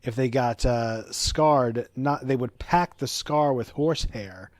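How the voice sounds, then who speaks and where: A man co-hosting a podcast who talks in an opinionated, rambling way and drifts off on tangents. He has a mid-pitched, ordinary voice. The recording is dry and close. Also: slow, no room sound. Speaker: podcast co-host. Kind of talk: casual podcast chat.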